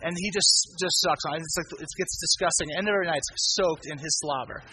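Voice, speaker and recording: A young man preaching a sermon as pastor, telling stories with sudden swings between loud emphasis and hushed asides. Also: a little high, fast, slight background noise, poor audio. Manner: lively storytelling with sudden loud and quiet turns.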